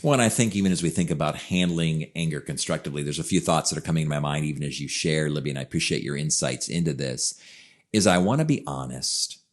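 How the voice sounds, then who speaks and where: A man's voice: rumbling low, fast talker. A man co-hosting a podcast, talking in an earnest, reflective way and stressing his points with repeated phrases. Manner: earnest and reflective, emphatic repetitions. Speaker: podcast co-host. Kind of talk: casual conversational podcast talk.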